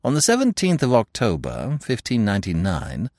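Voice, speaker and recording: An expressive male audiobook narrator reads a classic story from a script, storybook style, in a lowish voice at normal speed. The sound is dry and clean, like a studio.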